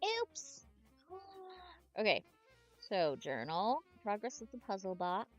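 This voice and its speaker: A chatty woman gives excitable commentary while playing through a story game, her pitch bouncing up and down. She reads snatches of text aloud as she plays. Faint music sits under her voice. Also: a little slow, muffled recording. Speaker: gamer streamer.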